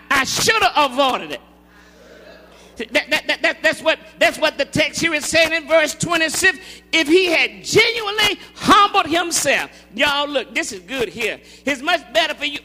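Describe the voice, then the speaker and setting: A man preaching a call-and-response sermon to his congregation, building into shouted, rhythmic cadences. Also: very high voice. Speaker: pastor. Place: large church sanctuary. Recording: long hall reverb.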